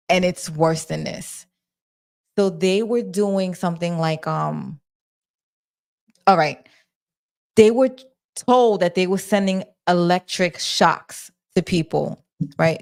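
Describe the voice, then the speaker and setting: With a lowish, gravelly voice, this livestream host rambles through casual retellings packed with filler words. She comes across as flustered as she tries to keep up with the chat.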